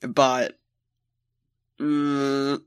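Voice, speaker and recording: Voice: mid-range voice, flat delivery, very slow, smooth, no echo, studio quality. A podcast co-host chatting casually, joking, laughing often and swearing. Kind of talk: casual chat.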